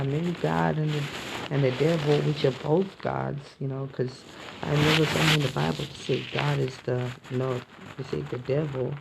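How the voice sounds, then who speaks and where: A man's voice: on the high side, gravelly, noisy background. A man vlogging in a casual, rambling monologue, musing philosophically and often checking in with his listeners. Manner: rambling, philosophical, peppered with "you feel me" and "man".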